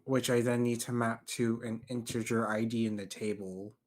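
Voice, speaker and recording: A man, a fellow modder, explaining technical problems in casual livestream chat, halting and hesitant. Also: mid-range voice, flat delivery.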